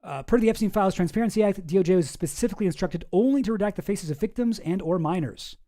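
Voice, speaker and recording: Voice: medium pitch, quick pace, mellow. A streamer giving casual commentary on news files, rambling, sarcastic and swearing freely, with many restarts.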